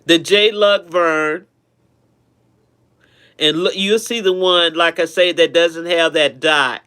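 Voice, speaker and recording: A man's voice: on the high side, steady tone, takes it slowly, bright, forceful tone, clear, resonant tone. A man hosting a casual live stream, chatting affectionately with viewers and often repeating himself.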